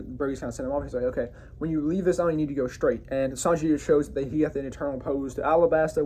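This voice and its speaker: A man's voice: medium pitch, mellow. A man hosting his own review show, giving a loose, casual recap of an episode with frequent self-corrections and enthusiastic asides.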